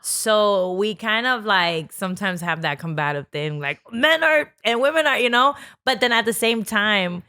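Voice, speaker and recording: A woman in her thirties from New York, guest on a casual talk show, telling stories in an animated way and acting out what people said. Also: mid-range voice, moderate pace, hardly any pauses, no room sound, clean studio sound. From New York, Bronx. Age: 30s. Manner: animated storytelling, acts out quotes. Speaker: guest comedian. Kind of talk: casual podcast chat.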